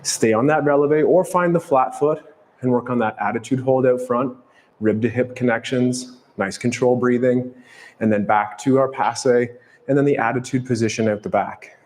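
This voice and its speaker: A man's voice: mid-range voice, moderate pace. Man cueing a workout in a reverberant studio. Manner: calm, steady cueing with counts. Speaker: fitness instructor. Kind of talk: follow-along workout cueing.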